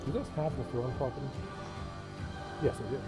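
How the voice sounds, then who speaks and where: A man running a tabletop game as dungeon master, describing the action in a playful, joking way. His voice sits in a middle register, and music plays clearly underneath him. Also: mid-range voice, a little fast.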